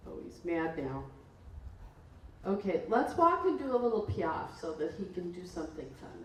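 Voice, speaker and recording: A woman's voice: on the low side, big pitch swings, moderate pace. A woman coaching a dressage riding lesson, calling out instructions and encouraging praise. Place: riding arena. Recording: echoey, distant, noisy. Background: horse hoofbeats.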